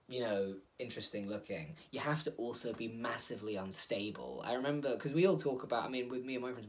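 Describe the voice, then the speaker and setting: A man hosting a casual solo monologue, rambling and digressive, full of fillers and laughs, recorded on a phone. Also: lowish voice. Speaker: host.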